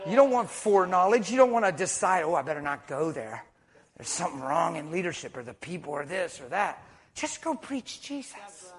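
A middle-aged man preaching a sermon, telling stories with hushed asides and loud bursts of emphasis. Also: fairly high pitch, a little fast. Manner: storytelling, animated, swings between hushed asides and loud emphasis. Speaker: traveling preacher.

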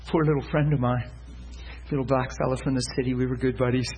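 A middle-aged man, a pastor, telling laughing stories in a sermon from the pulpit, dropping to a hush and then rising loud. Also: mid-range voice, normal speed, husky, low-quality recording. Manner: laughing, lively anecdotes, swings from hushed to loud. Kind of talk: sermon storytelling. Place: church pulpit.

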